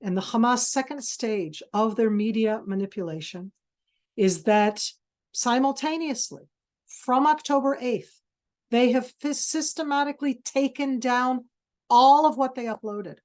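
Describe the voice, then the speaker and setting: A woman's voice: on the high side, a little slow, darkish tone. A woman giving a passionate webinar talk, intense and emphatic, stopping and restarting as she searches for words. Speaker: webinar speaker. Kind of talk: passionate lecture. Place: video call.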